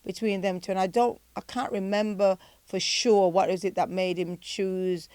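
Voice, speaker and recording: An older woman from England with a British accent, a pastor chatting as a podcast guest, telling animated stories and laughing often. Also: medium pitch, normal speed, clean tone, no room sound. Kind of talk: casual chat.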